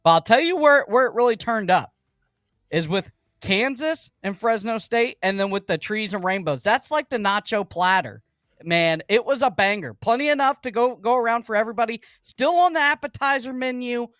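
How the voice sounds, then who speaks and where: A man's voice: very high-pitched, animated, moderate pace, fairly bright tone, dry recording, clean studio sound. A man co-hosting a sports talk show, rambling casually through his points and restarting often. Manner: rambling, food comparisons, restarts. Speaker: co-host.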